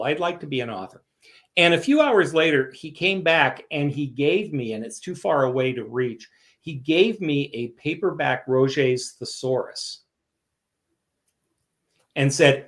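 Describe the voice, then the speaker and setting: A Canadian author, guesting in a casual interview, tells stories with animation and performs the voices of the people he quotes. His voice is mid-range and unhurried.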